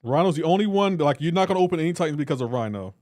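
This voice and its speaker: A man's voice: fairly high pitch, lively intonation, racing, a little mellow, dry recording, studio quality. A man on a live reaction stream, teasing and bantering with his chat and laughing often. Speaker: livestreamer.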